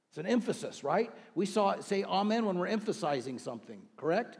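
A man's voice: fairly high pitch, very animated, fast, hardly any pauses, a little mellow, slightly rough. A man preaching a sermon in a conversational way, asking the congregation questions and rising into emphatic bursts. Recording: long reverb of a large hall.

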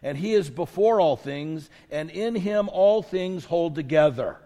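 A man's voice: on the high side, expressive, measured pace, dark tone. A male pastor delivering a sermon, emphatic and repetitive as he builds to his points, in a church sanctuary. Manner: preaching with rising intensity, emphatic repetition. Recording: long reverb of a large hall.

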